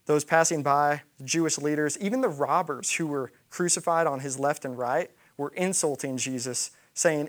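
Man, pastor, sermon, dramatic storytelling, slightly high voice. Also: moderate pace, few pauses. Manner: dramatic storytelling, acting out quoted lines. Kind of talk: sermon retelling a scripture story.

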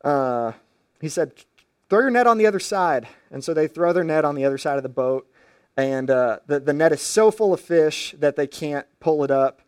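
A man's voice: on the high side, moderate pace, darkish tone, smooth, no echo, clean studio sound. A man preaching a sermon as pastor, retelling stories in casual everyday phrasing with frequent restarts.

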